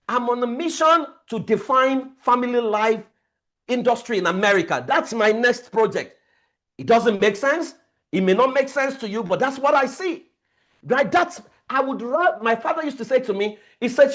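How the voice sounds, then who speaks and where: A man's voice: very high-pitched, fairly bright tone. A man, a family life coach giving an emphatic motivational training lecture, repeating key words as he tells stories.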